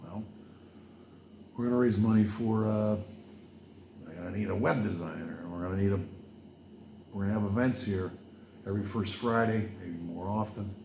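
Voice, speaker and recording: A man's voice: on the low side, moderate pace, vocal fry, pauses often, a little mellow, roomy sound, slight background noise. A man from Wales hosting a podcast, talking loosely and drifting from campaign plans into preaching, with lots of fillers and asides. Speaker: podcast host. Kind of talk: rambling casual monologue with preaching.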